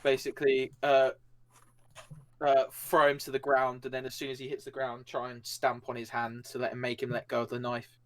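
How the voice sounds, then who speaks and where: A man talks through his character's fight moves in a tabletop game, stopping and restarting with plenty of fillers. His pitch sits in an ordinary middle range. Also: monotone, normal speed, fairly bright tone. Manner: rambling, full of fillers. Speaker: player. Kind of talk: describing actions in a tabletop game.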